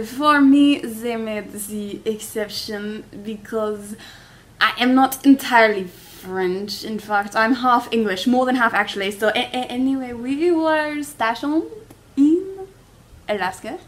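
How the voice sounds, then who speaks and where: A woman reading the part of a flustered male airline captain in a casual script read-through, hesitant and fumbling as he spins a tall tale. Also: fairly high pitch. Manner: hesitant, fumbling, then rushing.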